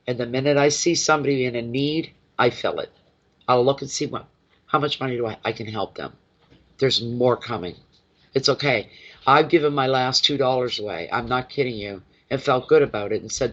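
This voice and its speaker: A man's voice: mid-range voice, a little fast, a bit bright. Effusive male tarot reader, lo-fi sound. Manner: effusive and emotional, chats with viewers by name. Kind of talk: live-stream tarot reading and chat. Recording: dull lo-fi sound.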